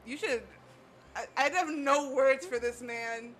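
A woman's voice: high voice, unhurried, a bit bright, slight background noise. A woman playing a tabletop game, talking in a brash, incredulous way. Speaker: player.

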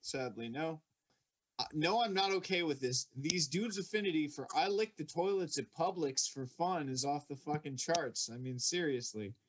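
A man's voice: fairly high pitch, moderate pace, slight background noise. A young man co-hosting a podcast, joking crudely and swearing in casual banter. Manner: joking, swearing, laughing often. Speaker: podcast co-host.

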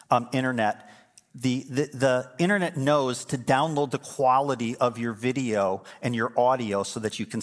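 A middle-aged man preaching a sermon as pastor, telling stories and building to emphatic, fervent points. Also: medium pitch. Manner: storytelling, swings from quiet to emphatic.

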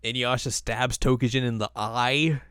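A man's voice: medium pitch, fairly even intonation, normal speed, fairly bright tone, clean tone, no echo, studio quality. A man co-hosting a podcast, casually recapping episodes in a laid-back, loose way. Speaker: podcast co-host.

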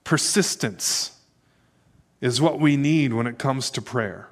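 A man preaching as a pastor, earnest and inviting, who grows hushed as he leads the congregation into prayer. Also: mid-range voice, slow pace. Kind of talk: sermon closing into prayer. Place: church service.

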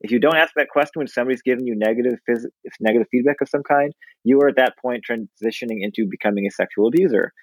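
A man's voice: medium pitch, fast, hardly any pauses, a little mellow, no echo, rough recording. A man talking frankly and emphatically on a podcast, blunt and earnest. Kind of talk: frank casual discussion.

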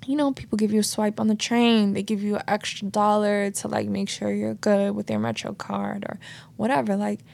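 A woman's voice: medium pitch, level tone, normal speed, creaky, darkish tone. A woman hosting a reflective solo podcast, telling stories in a casual, earnest way. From United States. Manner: casual, earnest, storytelling with many "like" and "you know". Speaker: podcast host. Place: New York City.

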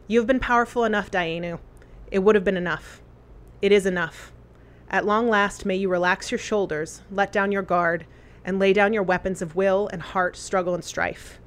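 Woman, earnest reading voice, measured phrasing, heartfelt memorial tribute, middle pitch. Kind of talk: reading a memorial letter aloud.

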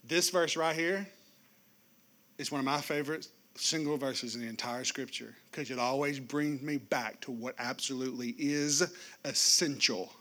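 Bright-voiced preacher, animated. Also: male voice, mid-range voice, moderate pace. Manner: animated, with sudden swings between loud and hushed; joking, speaks straight to the congregation. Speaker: pastor. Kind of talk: sermon.

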